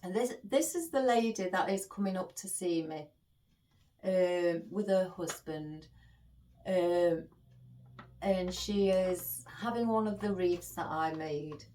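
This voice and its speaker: A woman's voice: lowish voice, takes it slowly, warm tone. A woman florist chatting to her viewers in a casual vlog, emotional and holding back tears. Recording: voice a bit far from the mic.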